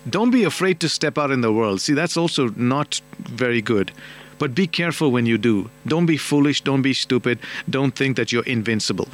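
A man's voice: medium pitch, lively intonation, normal speed. A man hosts a late-night radio call-in show. He chats with callers and hands out plain advice. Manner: chatty, advice-giving, switches into Hindi.

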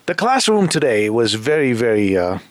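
A man's voice: medium pitch, big pitch swings, moderate pace, dry recording. A man hosting a late-night radio chat show, teasing his co-host playfully and mixing with Hindi.

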